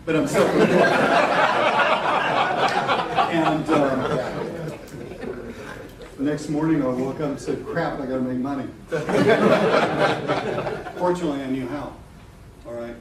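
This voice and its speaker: Animated middle-aged man in an echoey hall. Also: fairly high pitch, slow pace, pauses often. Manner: animated, laughing, blunt, swears casually. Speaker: marketing coach presenting a seminar. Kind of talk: live seminar talk to an audience. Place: event room with a live audience. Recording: echoey room from a distance, noisy.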